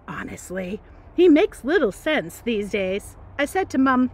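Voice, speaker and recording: Woman, teacher, dramatic read-aloud, playful asides, fairly high voice. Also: big pitch swings, unhurried. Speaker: teacher reading a novel aloud. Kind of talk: expressive read-aloud narration.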